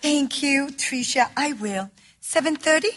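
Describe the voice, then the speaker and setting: A woman's voice: sits high, unhurried, a bit bright. An actress playing a friendly, matter-of-fact woman. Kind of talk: comedy drama acting.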